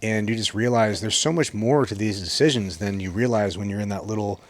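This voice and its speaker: A man's voice: on the low side, a little fast, dry recording. A man hosting a podcast, chatting casually and agreeably, with some swearing. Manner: easygoing, agreeable, casually profane. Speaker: podcast host. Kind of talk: casual chat.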